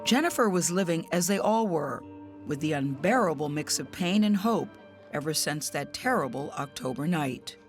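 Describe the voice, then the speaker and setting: A woman correspondent narrating a news report in a measured, solemn way and interviewing family members. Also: low voice, expressive, faint music behind.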